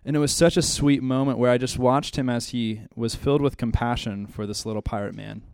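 A man, a pastor, opening a church ministry class with a heartfelt story and then a quiet, earnest prayer. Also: medium pitch, fairly even intonation, a little fast, vocal fry, clean tone, no room sound, studio quality.

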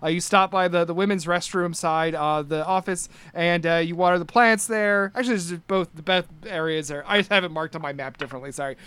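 A man narrating a tabletop game as game master, halting often and restarting his sentences. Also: sits high, a bit bright, clear, resonant tone. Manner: halting, full of fillers and restarts.

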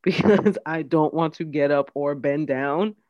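A woman's voice: sits low, unhurried, no room sound, muffled recording. A woman co-hosting a podcast in casual chat, playful and teasing. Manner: playful, teasing, mock-scolding. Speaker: podcast co-host.

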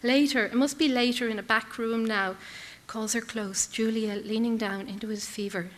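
A woman reading literary prose aloud in measured, intense, clipped phrases. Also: a little high, fairly even intonation, big-room sound. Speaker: reader.

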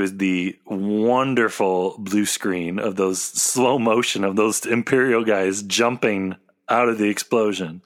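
A man's voice: fairly low pitch, fairly bright tone. A man co-hosting a casual podcast chat, playful in tone and moving the conversation on to the next topic. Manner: playful, moves the show along. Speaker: podcast co-host.

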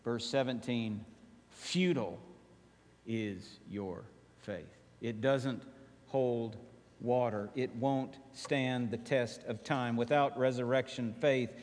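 A male pastor preaching a sermon, emphatic, dropping to quiet slow phrases and rising to urgent appeals. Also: mid-range voice, fairly even intonation, big-room sound.

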